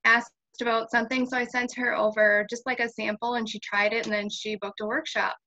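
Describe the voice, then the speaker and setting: A woman's voice: a little high, little pitch movement, a little fast, pushed and bright, lo-fi sound. A woman sales rep on a team call, chatting cheerfully about her bookings. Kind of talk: casual meeting talk.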